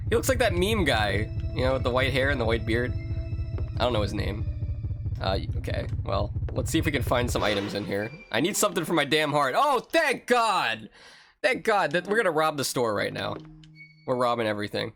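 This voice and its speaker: Animated joking male game streamer. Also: medium pitch, brisk. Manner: animated, joking, talks to chat. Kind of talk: let's-play commentary. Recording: game music under voice. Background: game music.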